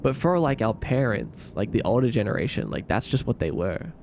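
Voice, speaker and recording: A man's voice: medium pitch, big pitch swings, brisk, gravelly, a little mellow, slight background noise. A man from Australia with an Australian accent, chatting casually on a livestream, laid-back and laughing often as he repeats words aloud. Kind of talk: casual chat reading viewer comments.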